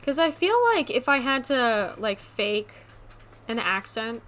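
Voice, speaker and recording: A woman streamer with a slight New England accent, chatting casually with her chat, rambling with lots of "like" and quick laughs. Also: on the high side, expressive, fairly bright tone.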